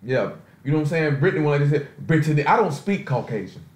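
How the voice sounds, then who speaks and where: There's a roomy echo around this preacher's conference-call sermon. He talks at a quick pace with lively intonation and a slightly high pitch, keeping things informal and streetwise with lots of rhetorical asides.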